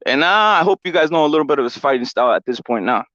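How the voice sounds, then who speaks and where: A man hosting a combat sports show in a casual, profane, animated rant that keeps circling back on itself. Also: a little high, rapid-fire, no echo, dull audio. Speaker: show host.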